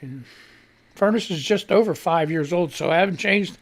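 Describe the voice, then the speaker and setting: A man's voice: sits high, moderate pace. Rambling, laughing man hosting a radio show. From Missouri. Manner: rambling, laughs often, swears casually. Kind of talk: casual live-stream chat reading social media posts.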